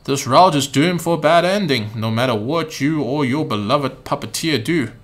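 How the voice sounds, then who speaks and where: A man voicing a polite, sinister, unaging male figure with a put-on British manner and slow, theatrical delivery while reading game dialogue. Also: medium pitch, lightly acted. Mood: genteel menace. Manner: mock-British, genteel, drawn-out theatrical delivery. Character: polite sinister male being, unaging, in a borrowed boy's body.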